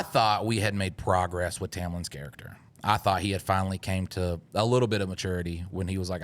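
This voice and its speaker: Low-voiced laid-back man with twang. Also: steady tone, a little fast, hardly any pauses. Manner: laid-back, rambling with frequent laughs. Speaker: podcast host. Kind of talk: casual chat.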